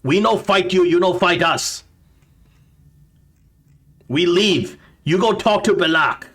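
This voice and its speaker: A jittery little goblin guard yells through a door in clipped, broken grammar, as a man puts him on. The voice sits well above a normal man's pitch and comes out loud and strained. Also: lively intonation, slow, breathy edge, heavily acted. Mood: nervous. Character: timid male goblin guard, broken speech.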